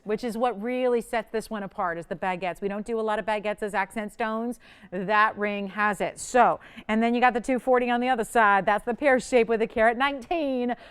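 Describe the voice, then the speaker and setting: A woman hosting a live home-shopping show, chatty and excitable, pushing urgency as she sells. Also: on the high side, smooth. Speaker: shopping channel host. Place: TV studio.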